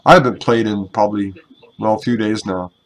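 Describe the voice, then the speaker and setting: A young man with a slightly low voice talks casually over his gameplay into a headset mic. He rambles along, pokes fun at himself and swears without a second thought. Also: fairly even intonation, fairly quick, poor audio. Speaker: gaming YouTuber and clan member.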